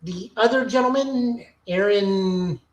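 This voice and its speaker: A woman's voice: medium pitch, takes it slowly, highs cut off. A woman co-hosting a casual podcast chat, giving an opinionated, nitpicky review. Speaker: podcast co-host. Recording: roomy echoing recording.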